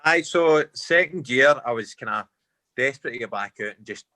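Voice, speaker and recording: A Scottish man answers a podcast question in a plain, matter-of-fact way. His voice is bright and forceful, and the recording is dry and close. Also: medium pitch, expressive, normal speed, no room sound. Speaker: guest. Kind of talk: casual chat.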